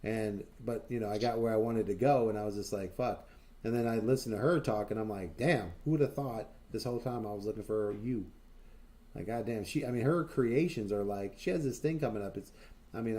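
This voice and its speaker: Brief: male stream host, lowish mellow voice, loose profane rambling with lots of fillers, boastful enthusiastic stories. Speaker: livestream host. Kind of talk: casual chat.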